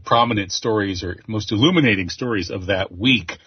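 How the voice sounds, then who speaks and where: Male radio host: low-pitched and husky, easy conversational delivery, dry and dull recording. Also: fairly quick, no room sound. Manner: conversational, with frequent fillers. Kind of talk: radio interview.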